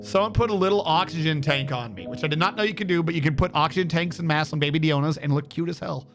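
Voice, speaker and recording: A man telling a story on a casual live stream, animated and swearing freely, acting out what others said. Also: fairly high pitch, fast talker, music in the background.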